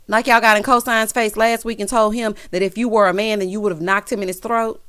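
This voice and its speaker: The recording is clean studio sound with no echo as a medium-pitched woman recaps a reality show, fairly quick and hardly pausing, her tone clean. Sassy and playful, she animates the story by mimicking the cast's lines.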